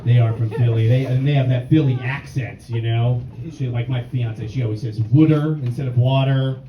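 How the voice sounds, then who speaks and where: A man's voice: mid-range voice, level tone, normal speed, muffled recording, a little hiss or hum. A young man from New York doing a stand-up set, with a dry, self-deprecating delivery, to a laughing audience in a comedy club. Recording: echoey club, mic at a distance, crowd.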